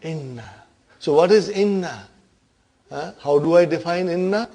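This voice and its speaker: In a classroom lecture, a man teaches Arabic grammar, quizzing his students with repeated questions and slipping into Urdu phrases now and then. His voice is a little high, a little slow and warm, and the recording is rough.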